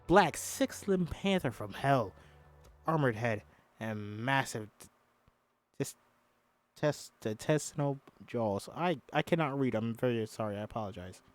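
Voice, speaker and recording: A man reads a film script aloud in a casual, chatty way, at an ordinary mid pitch. He breaks in with profane asides and trips over hard words. Faint music plays softly underneath. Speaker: host. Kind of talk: casual script read-through with commentary.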